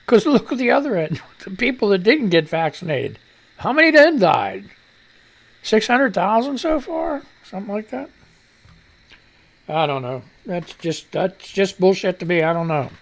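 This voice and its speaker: A man's voice: high-pitched, sing-song, normal speed, creaky. A man hosting a live radio show, reading news and ranting with profanity while fumbling with his studio mic. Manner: profane, irritable rant, fiddling with the mic. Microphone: studio microphone at shifting distance.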